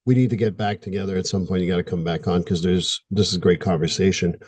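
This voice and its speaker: A man's voice: low voice, steady tone, fast talker, a little mellow, slightly rough, no room sound. A man hosting an interview podcast, a therapist who talks bluntly and jokes around, pushing for real talk. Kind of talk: casual interview chat.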